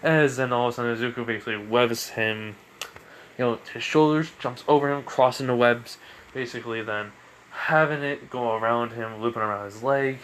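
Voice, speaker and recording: A man's voice: medium pitch, steady tone, normal speed, fairly bright tone. Man, casual fan-story narration, rambling, lots of fillers, faint background noise.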